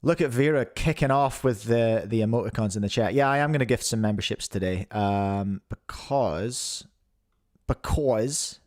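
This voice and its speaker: A man's voice: on the low side, normal speed, hardly any pauses. A man with a New Zealand accent hosts a casual live podcast stream, chatting and jokily greeting viewers by name. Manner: chatty, jokey, reads out chat names. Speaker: podcast host.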